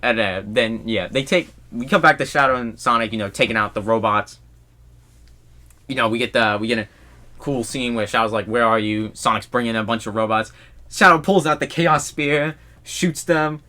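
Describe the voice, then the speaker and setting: A young man hosting a podcast, chatting casually about a movie he saw, excitable and quick to laugh. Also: mid-range voice. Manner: excitable, laughs often, acts out movie lines. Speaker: podcast host. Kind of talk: casual movie review chat.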